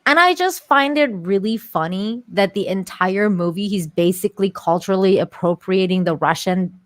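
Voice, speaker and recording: A woman's voice: mid-range voice, normal speed, no echo, studio quality. Opinionated woman in casual podcast chat. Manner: animated, opinionated, repeats herself. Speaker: podcast co-host.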